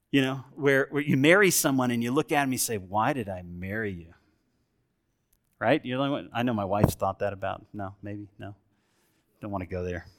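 Preaching man with a conversational style. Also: mid-range voice. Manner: conversational preaching, asks the congregation questions; swings between lively emphasis and quiet reflection. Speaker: pastor. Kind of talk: sermon.

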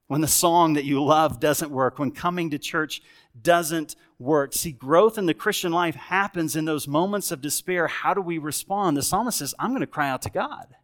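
Preaching man with a conversational style. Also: a little high. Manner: conversational preaching, asks the congregation questions; swings between lively emphasis and quiet reflection. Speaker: pastor. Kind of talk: sermon.

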